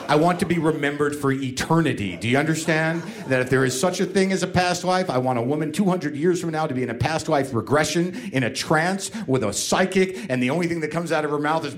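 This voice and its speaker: A man performing a stand-up comedy routine, ranting and self-mocking, swinging between muttering and shouting. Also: a little high, a little hiss or hum.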